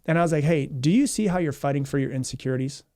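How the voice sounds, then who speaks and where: A male podcast host and mindset coach tells stories at a rapid clip, restarting and repeating phrases as he goes. His voice sits a bit high for a man, and he acts out the lines of the people in his stories. The sound is dry and close, with no room echo. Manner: fast, energetic, repeats himself, acts out quotes. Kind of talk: storytelling podcast monologue.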